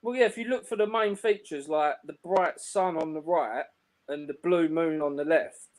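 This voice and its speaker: A man's voice: a little high, normal speed. A man with a London accent, a guest in a casual chat, laid-back and earnest, using slang. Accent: London English. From England.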